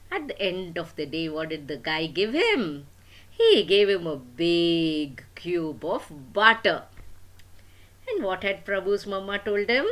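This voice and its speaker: An older woman reading a children's tale aloud, slow and unhurried, with a very lively, sing-song voice. She plays with her listeners, asking what happens next and adding little sound effects. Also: mid-range voice. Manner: playful, asks the listener questions, sound effects. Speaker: storyteller. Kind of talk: storytelling to children.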